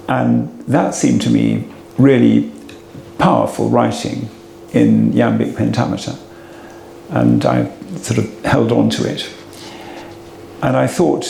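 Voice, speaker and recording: An older man, a retired cathedral dean, giving a halting, reflective talk to an audience, with many fillers and restarts. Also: medium pitch, gravelly, warm tone. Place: assembly room before an audience. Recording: echoey hall, faint room noise.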